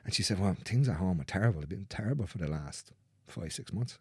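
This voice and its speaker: A man's voice: low-pitched, expressive, fast, husky, dry recording. A man working as a manual therapist, telling stories about clients in a casual conversation, blunt and swearing freely as he acts out what people said.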